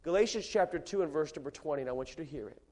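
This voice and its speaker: A man preaching a sermon in a large church, emphatic, repeating his phrases and swinging between loud and soft delivery. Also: a little high, lively intonation, very fast. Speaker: pastor.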